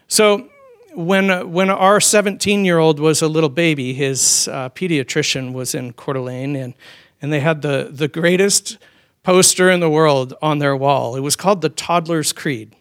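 Male pastor, high voice, casual storytelling sermon. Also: fairly bright tone. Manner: conversational, storytelling with frequent restarts. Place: church.

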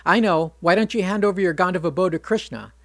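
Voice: mid-range voice, fast talker, dry recording, studio quality, natural voice. A narrator voicing a bitter, self-pitying king who whines and rants at his brother. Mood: ranting. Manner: whining, ranting.

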